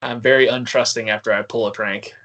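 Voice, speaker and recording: A man's voice: mid-range voice, steady tone, a little fast, a bit bright. A man chatting casually as a podcast guest, telling prank stories with lots of laughter and acting out the other people's lines. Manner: laughing, storytelling, acts out quoted voices.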